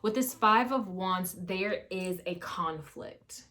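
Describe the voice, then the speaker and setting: A woman's voice: lowish voice, slow pace, sharp tone. A woman giving a casual, rambling channeled tarot reading at home, with fillers and the odd swear word. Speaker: tarot reader. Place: home with washer running.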